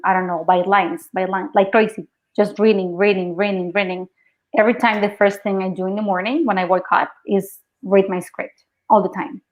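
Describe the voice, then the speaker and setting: Young actress, Mexican accent, native Spanish speaker, animated storyteller, mid pitch. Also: female voice. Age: young adult. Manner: lively storytelling, quoting others, laughing often. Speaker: actress, guest. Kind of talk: casual interview chat.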